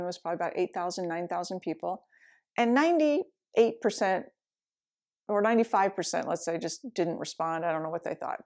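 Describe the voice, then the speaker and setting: A woman's voice: medium pitch, a little mellow. A middle-aged meditation teacher tells a story from her own life. She talks candidly and reflectively, with the occasional laugh. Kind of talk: storytelling talk.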